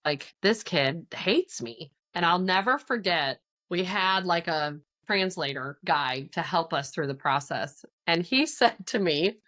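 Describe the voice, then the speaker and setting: A woman who is a counselor and author, a podcast guest telling a personal story with lively quoted voices. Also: lowish voice, a little slow. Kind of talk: casual podcast conversation.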